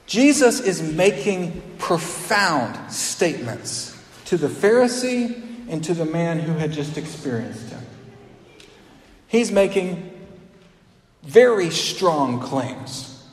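Slow-speaking preacher in an echoing hall. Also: male voice, on the high side, big pitch swings. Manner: retells scripture with acted quotes, dropping to a hush. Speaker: pastor. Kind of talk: sermon. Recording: echoey hall with long reverb.

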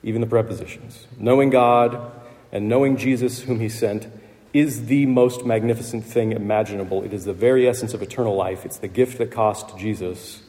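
Low-voiced male preacher in a reverberant hall. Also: fairly even intonation, normal speed, mellow. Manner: conversational, with fillers and light laughs. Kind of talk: sermon.

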